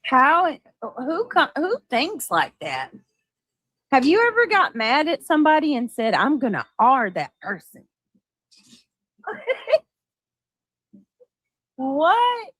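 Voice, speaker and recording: A woman co-host speaks in an unhurried way with a mocking edge. She greets chat viewers between her comments, and the sound is close and dry. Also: sits high, wildly swooping pitch, a bit bright, no echo, rough recording. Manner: sarcastic, reads out chat names. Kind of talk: casual chat.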